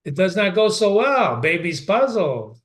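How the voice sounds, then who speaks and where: A man doing a loud teasing young officer. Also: sits high, sing-song, unhurried, voice pushed up.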